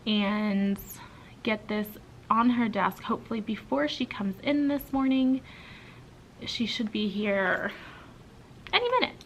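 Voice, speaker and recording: A woman's voice: a little high, fairly bright tone, lo-fi sound, a little hiss or hum. A young adult woman teacher talking casually to her vlog camera inside a school, tired and full of ums and likes. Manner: chatty, with frequent ums and likes. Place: school building, indoors.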